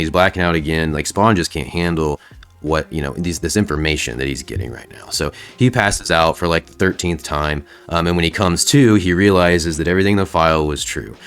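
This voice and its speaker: A man's voice: deep voice, a bit bright. A man hosting a casual comic book recap, laid-back and slangy, with lots of fillers. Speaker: host.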